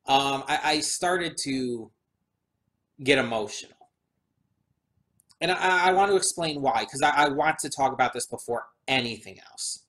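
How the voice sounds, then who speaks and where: A man in the middle of his range talks straight to his viewers, rambling and thinking out loud as he goes. He sounds slightly drowsy and yawns between thoughts. The delivery is relaxed and conversational, never scripted. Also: medium pitch. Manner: chatty and meandering, thinking aloud. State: yawning, a bit drowsy. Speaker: anime reaction host. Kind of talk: casual spoken commentary for a video audience.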